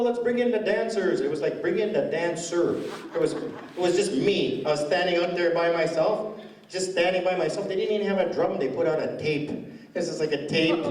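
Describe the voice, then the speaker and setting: A man's voice: fairly high pitch, darkish tone. Rambling stand-up comic, laughing at his own jokes. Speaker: stand-up comedian. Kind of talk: stand-up comedy. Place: school hall with a live audience. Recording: roomy hall audio from a distance.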